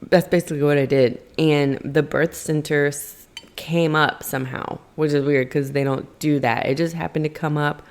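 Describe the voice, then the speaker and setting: A young woman with a low voice tells a personal story on her podcast. She talks casually and rambles, often breaking off to correct herself. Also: fairly even intonation, moderate pace. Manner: rambling, self-correcting, many fillers. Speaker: podcast host.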